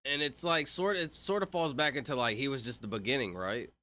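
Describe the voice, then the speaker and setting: A man's voice: mid-range voice, fairly quick, sharp tone. A young man streaming, rambling in casual chat and full of "like" and "bro". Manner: rambling, filler-heavy, says "like" and "bro" a lot.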